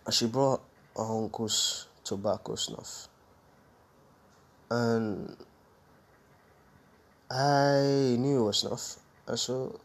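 A man's voice: mid-range voice, vocal fry, husky. A man hosting a podcast on his own, telling a personal story in a rambling, candid way and often correcting himself mid-sentence. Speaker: podcast host. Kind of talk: casual solo storytelling.

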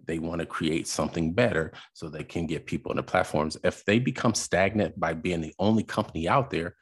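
A man hosting a podcast, reacting to a video in casual commentary, exasperated and halting with fillers. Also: sits low, breathy edge.

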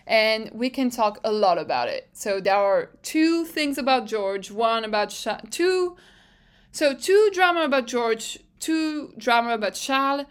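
A young woman hosting a casual podcast recap, chatty and excitable, swearing freely and often restarting her phrases. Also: on the high side. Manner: self-interrupting, restarts phrases. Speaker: podcast host.

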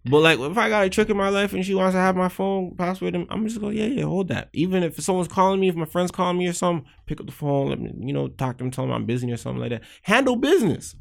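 A man's voice: high voice, expressive, racing, creaky, hardly any pauses. A young man co-hosting a podcast, chatting casually and animatedly, swearing and acting out the voices he quotes. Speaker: podcast co-host.

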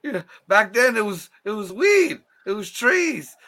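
A man's voice: high voice, big pitch swings, measured pace, sharp tone. A man as a podcast guest, telling laid-back stories and swearing freely. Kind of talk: casual podcast chat.

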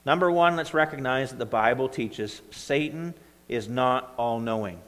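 Conversational pastor in a reverberant hall. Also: male voice, mid-range voice, moderate pace, fairly bright tone. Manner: conversational preaching, frequent "right?" and "okay?" checks. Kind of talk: sermon.

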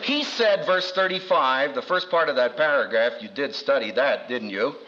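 A man's voice: normal speed, hardly any pauses, highs cut off, slight background noise. A man, a seminary professor, teaching from the Bible with wry humor, acting out quotes with big swings in his voice. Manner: animated storyteller who acts out quotes with big pitch jumps. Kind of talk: lively Bible teaching to an audience.

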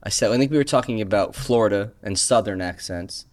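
A man hosting a casual chat, lively, laughing and quoting others. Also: on the low side, fairly quick. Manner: lively, laughs, quotes people. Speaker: podcast host.

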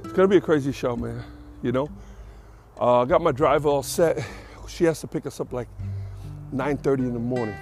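A man's voice: medium pitch, brisk, a little mellow, faint music behind. A man hosting his own podcast in casual solo chat, rambling and correcting himself, a little out of breath. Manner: rambling, self-correcting, chatty. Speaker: podcast host.

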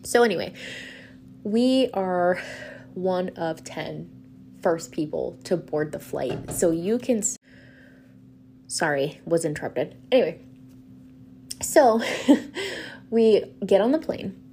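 A woman's voice: on the low side, animated, slow pace, pauses often, dark tone, a little hiss or hum. A woman hosting a podcast, telling a travel story in a chatty, casual way, full of "like" and laughter. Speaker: podcast host.

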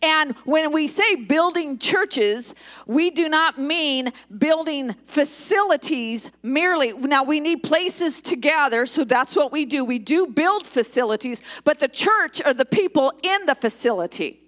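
Woman pastor preaching live in church, kinda high voice, punchy, cracks jokes, wants call-backs. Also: animated, a little slow, fairly bright tone. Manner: emphatic, joking, calls for audience responses. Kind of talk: live sermon. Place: church service.

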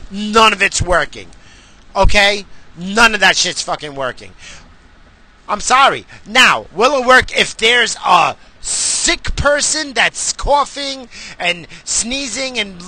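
A man on a profane comedic rant, heated and swearing, who now and then bursts into shouts. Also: sits high, lively intonation, takes it slowly.

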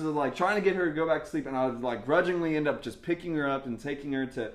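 A young man preaching a sermon in a casual, animated way, with laughs and asides. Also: on the high side, fast talker, hardly any pauses. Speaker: pastor. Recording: echoey room.

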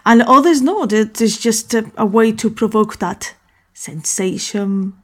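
A woman's voice: a little high, unhurried. A woman hosting a casual solo talk, rambling and often correcting herself.

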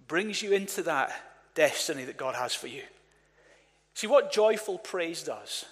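A man preaching a sermon as pastor, energetic and calling on the congregation to respond. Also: on the high side. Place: church hall. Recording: reverberant church hall.

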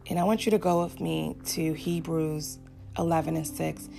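A woman's voice: deep voice, flat delivery, moderate pace, creaky, dark tone, soft background music. A woman giving an earnest devotional message and a fervent prayer to her listeners. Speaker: faith speaker addressing listeners.

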